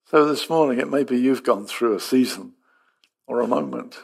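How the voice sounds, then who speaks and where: A man preaching a sermon, acting out dialogue with lively storytelling and dropping to soft, quiet tones. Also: medium pitch, normal speed, creaky, slightly rough.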